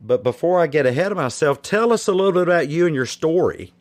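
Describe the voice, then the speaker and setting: A man's voice: fairly high pitch, expressive, quick pace. A man with an American Southern accent hosting a podcast interview, talking in a folksy, chatty way. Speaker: podcast host.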